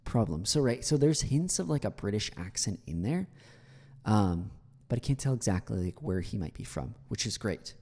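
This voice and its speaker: Mellow-voiced American man in a reverberant room. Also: on the low side, very animated, moderate pace. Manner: chatty, many fillers, repeats words for analysis. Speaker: English teacher. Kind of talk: critiquing a speech clip.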